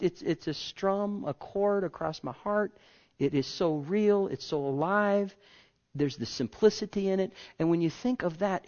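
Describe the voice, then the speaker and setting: A man preaching a sermon in an earnest way, swinging from soft, drawn-out phrases to emphatic ones and repeating key words. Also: sits high. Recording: dull lo-fi recording.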